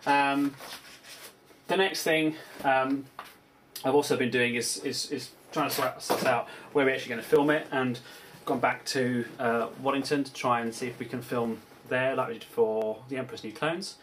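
A man's voice: mid-range voice, fairly even intonation, normal speed, fairly bright tone. A British man giving a casual video diary as a film producer, rambling with many ums and restarts. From United Kingdom. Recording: distant mic with faint background hiss.

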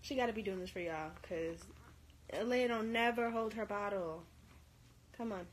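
A woman livestreaming at home with her baby, coaxing her in gentle baby talk and openly emotional. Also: mid-range voice, normal speed, a little hiss or hum. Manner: emotional, easily moved. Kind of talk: casual live stream talk.

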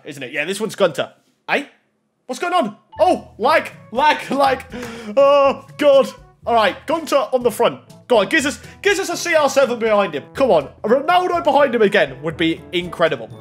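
A young man giving casual, excitable commentary while opening game packs, shouting at good pulls and muttering at bad ones. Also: high voice. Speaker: gaming YouTuber.

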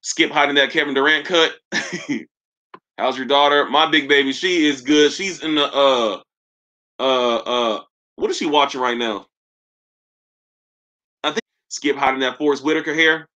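Joking male sneaker streamer, bright voice. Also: medium pitch, unhurried, pauses often. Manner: loose, joking, slangy, roasting chat viewers. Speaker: sneaker YouTuber hosting a live stream. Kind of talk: casual live-stream chat reading comments.

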